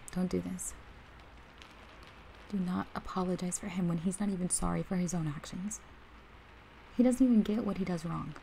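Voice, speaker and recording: A woman's voice: lowish voice, gravelly, warm tone, slight background noise, low-quality recording. A young woman voicing a protective best friend in a whispered role-play, swinging between heated and tender as she speaks straight to the listener. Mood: indignant. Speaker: ASMR role-play performer.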